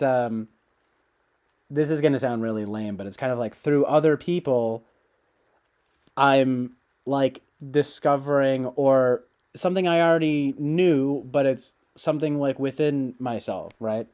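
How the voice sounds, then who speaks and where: Rambling, mellow-voiced man streamer. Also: mid-range voice. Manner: meandering, halting, many fillers and restarts. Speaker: livestreamer. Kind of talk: casual rambling livestream chat.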